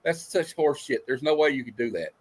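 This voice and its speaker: A man's voice: mid-range voice, animated, brisk, a little hiss or hum. A man co-hosting a casual bad-movie review show, sarcastic and given to long rambling analogies. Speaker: podcast co-host.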